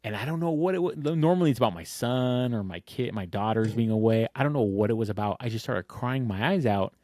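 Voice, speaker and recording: A man co-hosting a casual podcast chat, telling a long, rambling story and laughing through it. His voice is mid-pitched, and the recording is dry and close. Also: animated, brisk, darkish tone, no echo. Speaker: podcast co-host.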